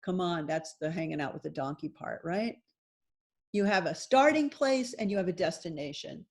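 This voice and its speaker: A middle-aged woman and yoga teacher giving a workshop talk, telling a story with lively, animated delivery. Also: lowish voice, moderate pace.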